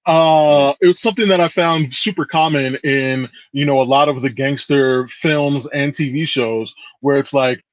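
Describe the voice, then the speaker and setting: A man's voice: mid-range voice, steady tone, normal speed, few pauses, dry recording, lo-fi sound. Casual rambling podcast co-host, man. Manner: rambling, hesitant, swears casually. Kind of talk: casual chat.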